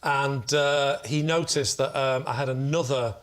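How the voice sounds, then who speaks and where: A man telling a comic anecdote on a television panel show, with quick jokey asides. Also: mid-range voice, fairly even intonation, clear, resonant tone. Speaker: panel show team captain. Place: TV studio. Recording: loud studio audience laughter.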